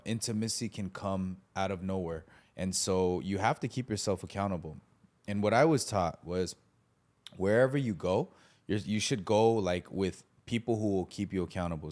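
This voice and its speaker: A lower-pitched man talking casually about faith and mentoring. He tells anecdotes with energy and briefly acts out the voices of other people in them. The delivery is conversational and unscripted. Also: darkish tone.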